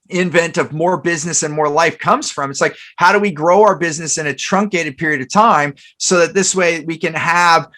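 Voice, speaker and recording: A man's voice: fairly high pitch, fairly bright tone. A man, a podcast host, telling a personal story in an earnest, rambling way. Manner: rambling, many restarts, earnest. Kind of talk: storytelling in casual chat.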